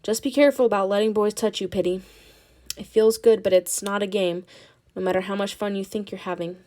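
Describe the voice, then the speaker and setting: Woman reading as Leela, soft caring older friend. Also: medium pitch, steady tone, fairly quick, lightly acted. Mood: gentle.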